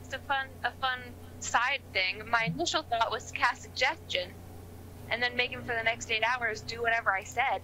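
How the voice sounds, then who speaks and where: A woman taking part in a tabletop role-playing session, describing her character's actions in a chatty way. Her voice is fairly high and very bright, with faint noise behind it. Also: moderate pace, poor audio. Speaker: player. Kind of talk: casual tabletop role-play.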